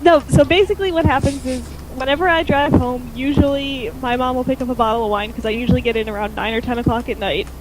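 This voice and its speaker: A woman's voice: sits high, fairly even intonation, fast talker, few pauses, heavy background noise. A woman co-hosting a casual podcast chat, telling stories and laughing at herself. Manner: chatty storyteller, laughs at herself. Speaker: podcast co-host.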